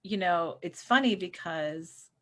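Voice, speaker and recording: A middle-aged woman in casual spiritual conversation, telling personal stories with lively acted-out quotes and frequent laughs. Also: on the low side, slow. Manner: animated storyteller who acts out quotes and laughs. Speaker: co-host.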